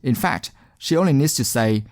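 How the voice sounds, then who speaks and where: A man teaching exam speaking skills in scripted narration, encouraging and deliberate, stressing key words. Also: medium pitch, animated, dry recording, studio quality.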